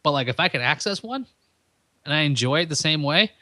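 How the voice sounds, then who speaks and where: A man's voice: a little high, animated, a little fast, bright, forceful tone, dry recording. A man hosting his own podcast, talking in a rambling, self-deprecating stream of consciousness. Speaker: podcast host. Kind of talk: solo podcast monologue.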